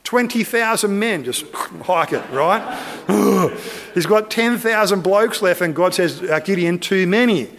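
A man gives a sermon, telling an old story with animated energy and quick asides. His voice sits high and light, and he drops into little character voices as he goes. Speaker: preacher.

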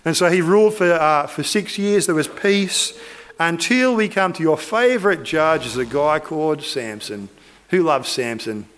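A man's voice: a little high, moderate pace, fairly bright tone. A man preaching, retelling a Bible story in a loose, conversational way with asides to his listeners.

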